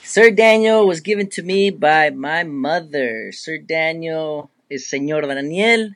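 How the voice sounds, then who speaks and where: A man's voice: on the high side, measured pace. Easygoing man from San Diego. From San Diego, USA. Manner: relaxed, easygoing, with slang. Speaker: interview guest, musician. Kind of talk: casual interview chat.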